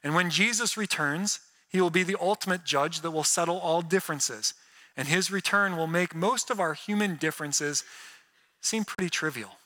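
A man's voice: a little high, normal speed, bright, forceful tone. Man, pastor, sermon, earnest with sarcastic humor, reverberant hall. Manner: earnest, with sarcastic asides and mock voices.

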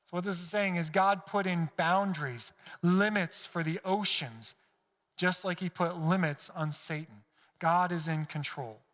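A male pastor giving an earnest, emphatic sermon, his pitch climbing when he quotes God. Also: fairly bright tone. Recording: long hall reverb.

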